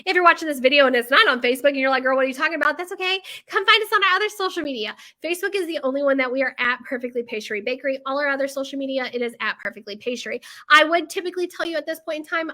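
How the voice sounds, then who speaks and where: A middle-aged woman chatting casually on a live video, animated and full of fillers as she tells stories. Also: sits high. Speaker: bakery owner hosting a live video. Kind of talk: casual live-stream chat.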